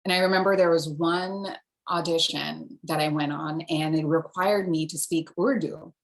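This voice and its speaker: A woman from Singapore, an actor, telling stories in a lively, casual interview. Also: deep voice, normal speed, gravelly. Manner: animated storyteller, switches accents.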